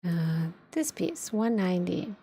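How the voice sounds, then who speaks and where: A woman VTuber streamer chatting casually with viewers, thinking aloud and giggling while she sets up her software. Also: on the low side, very animated, slow pace, breathy edge. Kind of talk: casual livestream chat while setting up software.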